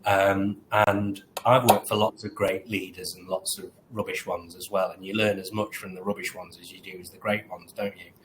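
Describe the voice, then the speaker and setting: A man speaking as a panel guest, telling a story in a relaxed, low-key way. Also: moderate pace, hardly any pauses, noisy background. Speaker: panel guest, railway executive. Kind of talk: panel discussion.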